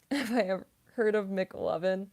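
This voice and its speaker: A voice actress and streamer, also a classically trained singer, chats casually with her livestream audience, responding to their comments. She speaks unhurriedly in a mid-range, darkish voice, filling her talk with "like" and "um."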